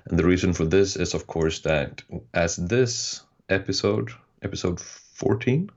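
A man co-hosting a podcast in casual chat, explaining things in halting, restarting phrases. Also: low-pitched. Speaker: podcast co-host. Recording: dull lo-fi podcast audio.

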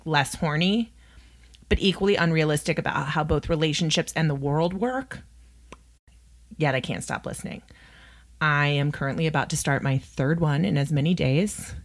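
Low-voiced chatty woman podcaster. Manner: chatty, wry, lots of fillers and asides. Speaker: podcast host giving recommendations. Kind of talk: casual chat.

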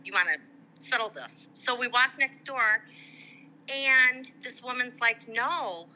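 Bright, lively woman telling stories. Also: on the high side, slow pace, a little hiss or hum, low-quality recording. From Michigan. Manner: animated, acts out quoted voices. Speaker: guest. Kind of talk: casual storytelling.

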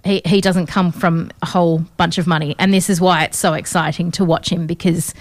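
A woman's voice: lowish voice, steady tone, fairly quick. A woman, co-hosting a show in casual, upbeat chat with many fillers. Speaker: radio co-host.

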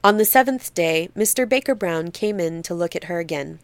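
Woman reading a dark literary story. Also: lowish voice, animated, brisk, few pauses, no room sound. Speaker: narrator. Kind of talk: literary audiobook narration.

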